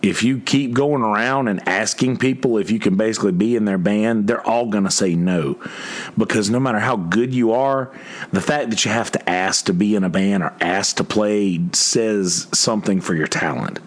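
A man's voice: lowish voice, moderate pace. A man talking casually to his viewers as a musician, rambling and ranting with lots of cursing, fillers and restarts. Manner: many restarts and filler words. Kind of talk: casual livestream chat.

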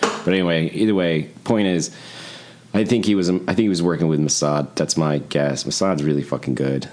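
A man's voice: a bass voice, normal speed. A man co-hosting a casual podcast conversation, rambling, swearing often and acting out other people's lines as he tells stories. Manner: profane, rambling, animated storytelling. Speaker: podcast co-host.

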